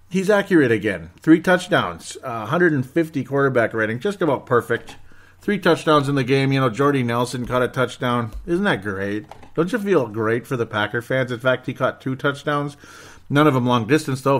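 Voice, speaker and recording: A man's voice: medium pitch, fairly bright tone. A man hosting a sports podcast, rambling through results with sarcasm and mock despair. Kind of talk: casual sports commentary.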